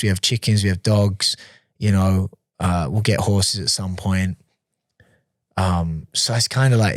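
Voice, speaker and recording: Podcast guest, a man with a lower voice, relaxed and chatty, often restarting sentences, recorded dry and close. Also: dry recording. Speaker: podcast guest, professional fighter. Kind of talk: casual storytelling in an interview.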